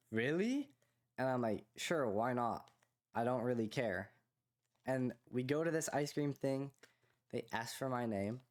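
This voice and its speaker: A young man co-hosting a podcast, telling a long casual story full of fillers like "like" and "you know", rising in pitch when he quotes other people. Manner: rambling, filler-heavy, animated when quoting others. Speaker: podcast co-host.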